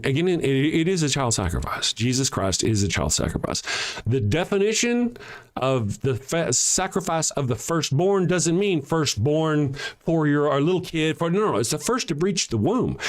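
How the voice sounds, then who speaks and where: A man hosting a show, delivering a mocking, sarcastic monologue that swings between loud jabs and quiet asides. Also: a little high. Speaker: show host. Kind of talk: ranting monologue.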